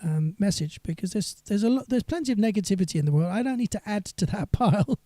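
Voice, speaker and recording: A man's voice: high-pitched, expressive, quick pace, dark tone, no room sound, studio quality. A singer-songwriter man chatting on a live stream between songs, rambling and reading viewer comments aloud.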